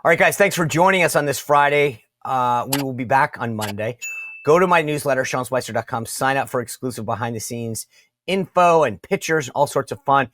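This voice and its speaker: A man's voice: mid-range voice, fairly quick, a bit bright, no room sound. A man hosting an interview show, conversational with frequent restarts. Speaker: show host. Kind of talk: interview and sign-off.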